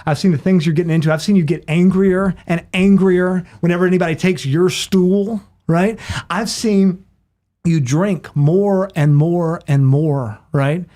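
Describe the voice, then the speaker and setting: A sober, earnest bartender , as a man puts him on in a spoken joke, talking a touch higher than his own voice. He pleads warmly and keeps dropping in "man," like a friend staging a gentle intervention. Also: measured pace. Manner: pleading, heartfelt, repeats "man".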